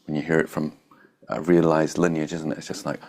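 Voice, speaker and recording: Low-voiced male meditation teacher, blunt, swears freely, casual Q&A delivery. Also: little pitch movement, fairly quick, a little mellow. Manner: blunt and irreverent, swears and laughs. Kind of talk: informal dharma talk, answering a student.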